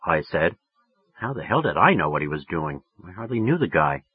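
Guy reading an audiobook, low husky voice, wry and offhand, swings all over. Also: big pitch swings, brisk, no echo. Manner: wry, offhand, sardonic delivery. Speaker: audiobook narrator. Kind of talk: first-person audiobook narration. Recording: muffled lo-fi recording.

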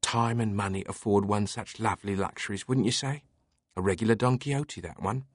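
A man's voice: fairly low pitch, slightly rough, no echo, studio quality. Man voicing a cheerful British librarian woman. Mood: amused. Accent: British (put on for the figure). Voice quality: pleasingly fluid voice. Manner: chatty, teasing, brisk. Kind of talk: audiobook character voice.

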